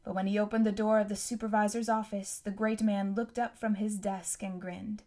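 A woman reading a novel aloud as narrator, in a steady, even storytelling manner. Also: medium pitch, normal speed, hardly any pauses. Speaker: audiobook narrator. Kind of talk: scripted narration.

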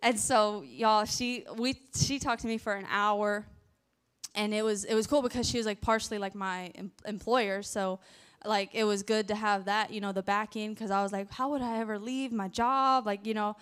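A woman's voice: medium pitch, fairly even intonation, normal speed, clear, resonant tone. A woman with a Southern accent telling a faith testimony in a chatty way, full of fillers and restarts. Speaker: ministry worker sharing testimony.

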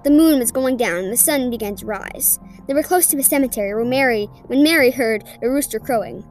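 A woman hosting a podcast, reading a ghost story aloud in an earnest, deliberate way. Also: on the high side, soft background music. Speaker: podcast host.

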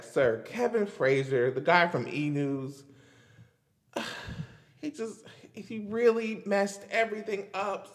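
A man hosting a casual commentary show, animated and laughing, repeating his lines for emphasis. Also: a little high, big-room sound. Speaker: host.

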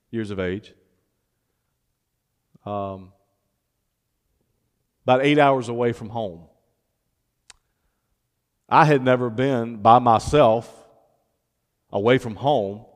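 A man's voice: mid-range voice, big-room sound. A man pastor preaching a sermon, stretching out key words for emphasis and turning to chat with his congregation. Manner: preaches with emphatic, drawn-out phrases, then talks informally to the congregation.

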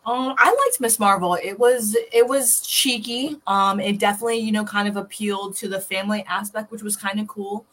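A woman's voice: mid-range voice, fairly even intonation, a little fast, hardly any pauses, a bit bright. A woman on a casual online chat panel, speaking easily and hedging with "um" and "you know", over a video call.

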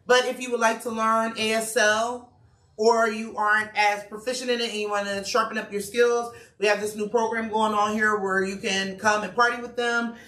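A talkative woman chef runs through promos in an easy, slangy way, often laughing. Her voice is bright and sharp. It comes from some distance off in a roomy, echoing space. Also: fairly high pitch, moderate pace. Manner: chatty, laughing, relaxed slang. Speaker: chef and restaurant owner. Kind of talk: casual promo chat. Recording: echoey room, mic far off.

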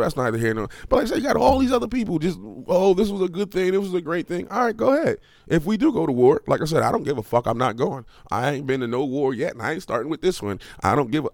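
A man hosting a podcast, delivering a heated, profane rant that swings from low mutters to high-pitched outbursts. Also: creaky, no echo, clean studio sound. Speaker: podcast host. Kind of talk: profane ranting monologue.

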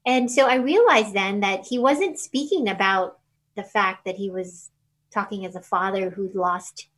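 A woman guest in an interview, recounting a personal memory with feeling. She talks in halting runs, full of fillers, restarts and trailing phrases. Her pitch sits in a middle range. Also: a bit bright, low-quality recording.

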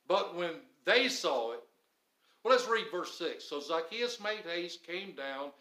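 A man preaching a sermon in an animated way, acting out the grumbling crowd now and then. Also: on the high side, slow, roomy sound, poor audio. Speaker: pastor.

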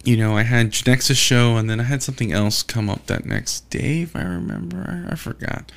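Gravelly-voiced guy, mid pitch, loose profane solo rant with lots of restarts. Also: lively intonation, fairly quick. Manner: profane, exasperated ranting with frequent restarts. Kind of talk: casual rambling monologue.

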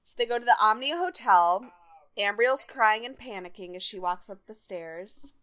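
A young woman co-hosting a podcast, briskly summarizing episode events in casual chat. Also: medium pitch, expressive, fairly bright tone. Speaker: podcast co-host.

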